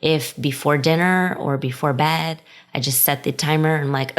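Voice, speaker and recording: A woman's voice: low-pitched, steady tone, moderate pace. A woman hosting a podcast and coaching her listeners in an enthusiastic, encouraging way, stretching out key words. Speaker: podcast host and life coach. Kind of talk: upbeat motivational podcast talk.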